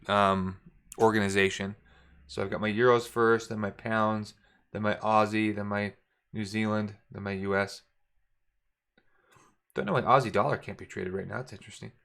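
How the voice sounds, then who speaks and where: A man coaching viewers through forex charts on a screen share, relaxed and thinking aloud, often correcting himself mid-sentence. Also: lowish voice, vocal fry.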